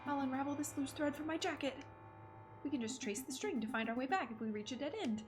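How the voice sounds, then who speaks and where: A woman's voice: high-pitched, quick pace, soft background music, natural voice. A woman reading the lines of a nervous, rambling male sidekick bird from a game on a livestream. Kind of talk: game dialogue read on stream.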